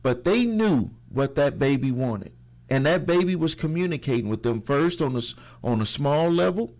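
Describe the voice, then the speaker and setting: A man's voice: mid-range voice, lively intonation, moderate pace, darkish tone. A middle-aged man hosting a motivational channel, talking casually to camera, rambling and repeating phrases for emphasis with frequent restarts.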